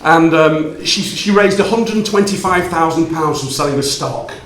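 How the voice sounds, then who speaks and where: A man telling a personal story to an audience, playful and animated, acting out the dialogue. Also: fairly high pitch, moderate pace. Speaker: speaker giving a talk. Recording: roomy hall reverb.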